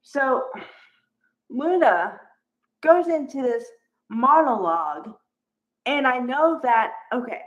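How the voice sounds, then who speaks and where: A woman casually recapping a soap opera episode, chatty and exasperated, acting out the characters' lines. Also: a little high. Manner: chatty, exasperated, acts out quotes. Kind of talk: casual spoken recap and commentary. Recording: dull lo-fi audio.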